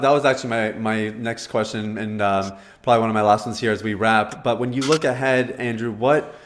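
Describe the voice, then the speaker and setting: Host role: man, mid-pitched, encouraging, long meandering questions. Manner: supportive, rambling questions with fillers. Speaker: podcast host. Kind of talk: interview questions.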